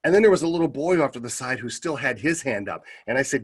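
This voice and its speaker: A middle-aged man, a service club member, giving a speech that tells a lively anecdote, with many fillers as he talks. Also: mid-range voice, fast talker, slightly rough. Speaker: Kiwanis club member giving a convention message. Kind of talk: storytelling speech.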